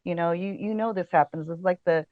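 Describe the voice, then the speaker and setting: A chatty woman guest tells stories in a loose, easygoing way, full of fillers and quick laughs. Her voice sits at a middle pitch. The sound is dry and a little dull, as on a modest podcast setup. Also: no echo. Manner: chatty storyteller, many fillers, laughs often. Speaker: casting director and podcast guest. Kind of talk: casual interview chat.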